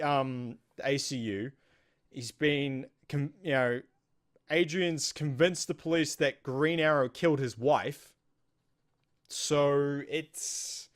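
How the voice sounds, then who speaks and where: Rambling New Zealand man recapping a show. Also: a little high. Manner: rambling, acts out characters' lines. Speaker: host. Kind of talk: casual TV episode recap.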